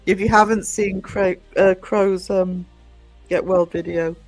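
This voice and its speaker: A man's voice: high-pitched, steady tone, a little slow, no echo, soft background music. Northumbrian man chatting casually on a livestream. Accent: Northumbrian English. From North East England. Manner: rambling, greets chatters by name, many fillers and restarts. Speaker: livestream host. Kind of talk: casual chat to live viewers.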